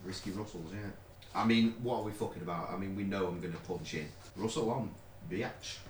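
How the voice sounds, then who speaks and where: A man's voice: low voice, a little fast. A man recording rap lines on a live stream, swearing freely and bantering between takes. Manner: swears freely, jumps between rapping and joking. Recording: roomy, distant mic, faint noise.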